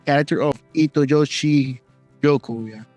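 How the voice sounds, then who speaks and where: A male interview host, a native Spanish speaker, asking questions in halting, broken phrasing. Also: on the high side, darkish tone, dry recording, soft background music. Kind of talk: casual interview.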